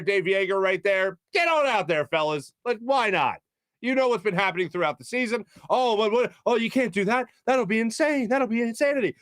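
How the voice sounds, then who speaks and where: A sports talk host with a high voice delivers a heated, exasperated rant. He keeps slipping into mocking imitations of other people. The sound is dry and close, with no room around it. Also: fairly bright tone, dry recording.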